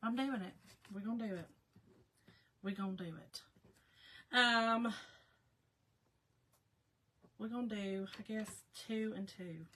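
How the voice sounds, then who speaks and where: Chatty woman, bright voice. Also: mid-range voice, slow, pauses often. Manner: chatty, laughing, talks to viewers by name. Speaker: craft livestream host. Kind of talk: casual live crafting chat.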